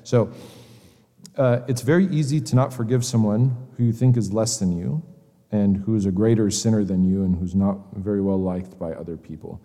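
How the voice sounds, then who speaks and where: A man giving an earnest, conversational church lecture, pausing often as he searches for words. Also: lowish voice, steady tone, dark tone. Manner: earnest, hesitant with frequent pauses. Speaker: church teacher. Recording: long reverb of a hall.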